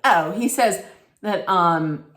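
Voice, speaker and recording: A woman's voice: on the low side, takes it slowly, fairly bright tone, echoey room. A woman giving a snarky, blunt recap straight to her viewers, emphatic and sarcastic. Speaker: reality TV recap vlogger.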